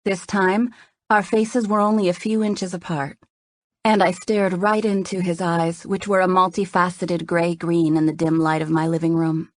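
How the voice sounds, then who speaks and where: A woman narrating a first-person romance novel in a soft, intimate reading. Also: lowish voice, level tone, normal speed, no echo. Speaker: audiobook narrator.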